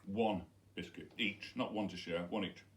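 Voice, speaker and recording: A man's voice: low-pitched, steady tone, moderate pace, slight background noise. A middle-aged man, a head teacher, chatting playfully to pupils while demonstrating with props in a school video message.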